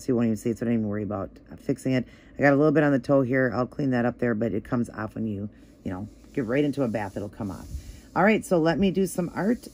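Man, gravelly voice, casual craft tutorial, chatty step-by-step explaining. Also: mid-range voice, slight background noise. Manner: relaxed and chatty, many ums and you-knows. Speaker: nail art tutorial host.

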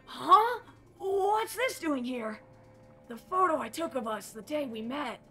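A wistful young woman looks back on a lost love in a slow, bright, high voice, speaking softly in a game voice-over, as a woman voices her. Her tone stays tender and reminiscing. Faint music plays underneath. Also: animated, exaggerated voice.

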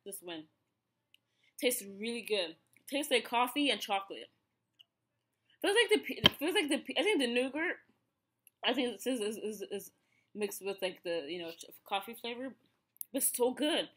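A woman's voice: a little high, expressive, normal speed, long pauses, a bit bright. A woman in her thirties with an Ethiopian accent, chatting casually through a snack review with many fillers and restarts. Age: 30s. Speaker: vlogger.

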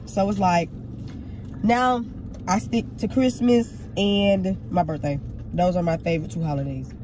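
A woman's voice: fairly low pitch, unhurried, darkish tone, a little hiss or hum. A woman vlogger chatting casually and candidly with her partner over a meal. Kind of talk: casual couple vlog chat while eating.

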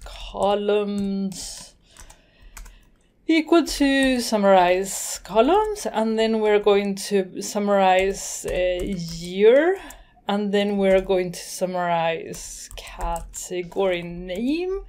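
A woman talks through a screen-recorded software tutorial at her desk mic. She is chatty and easygoing, and she thinks aloud as she goes. She laughs now and then, and her voice sits at an ordinary middle pitch. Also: animated, slow pace. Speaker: tutorial host.

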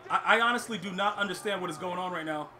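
A man's voice: high voice, quick pace, bright, forceful tone, rough recording. A young man commentating his own football video game match, ranting in frustration and stumbling over his words. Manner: frustrated, ranting, stammering restarts. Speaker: gaming streamer. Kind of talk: live gameplay commentary. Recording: clear background noise.

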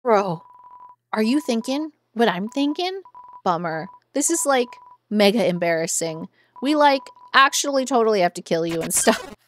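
A chill young armored guard who drawls in slang , played by a woman. He sounds relaxed and lazy, in a high voice that bounces around. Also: moderate pace, a little hiss or hum, lightly acted. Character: laid-back young male armored guard, surfer-ish.

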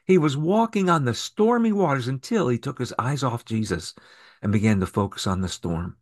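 A male pastor preaching a sermon, pushing key phrases up in pitch and volume for emphasis and reading scripture aloud in a steady narrating voice. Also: moderate pace.

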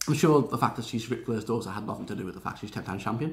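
A man giving a casual, chatty rant about a wrestling show, sarcastic and quick to laugh. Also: on the low side, lively intonation.

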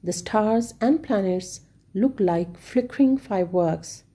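An eager young boy from a children's storybook, read by a woman. He sounds wide-eyed and excited, in a slow, mellow, slightly husky voice. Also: mid-range voice. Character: young boy on a space adventure.

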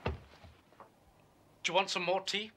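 An actor playing a bitter, stammering writer who rants about the police. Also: male voice, high voice, flat delivery, drawn-out words, noisy background. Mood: awkward. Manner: stammering, ranting. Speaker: aspiring writer.

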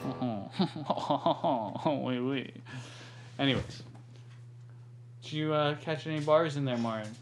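A man's voice: mid-range voice, slow, faint music behind. A man co-hosting a casual reaction video, joking and playing mock-defensive with his co-host.

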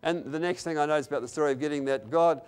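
An older man preaching a sermon, repeating lines for emphasis and swinging from quiet, intimate passages to loud, emphatic ones. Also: a little high, very fast, clear, resonant tone.

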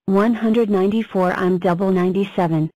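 A woman voicing a cheerful talking number block in a cartoon, introducing itself in a flat, even way. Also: mid-range voice, brisk, dry recording, close to an everyday voice, poor audio. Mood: plain.

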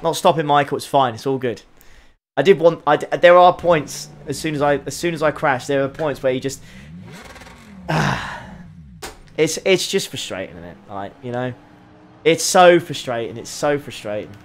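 A man's voice: a little high, expressive, moderate pace, slight background noise. A young man streaming a racing game, groaning and scolding himself over his mistakes with sighs and short outbursts. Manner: frustrated, self-critical muttering with frequent groans and sighs. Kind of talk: live racing game commentary.

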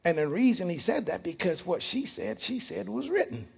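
A man's voice: high-pitched, very animated, moderate pace, vocal fry, breathy edge. A man, preaching as pastor in a church, emphatic and full of rhetorical questions. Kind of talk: sermon.

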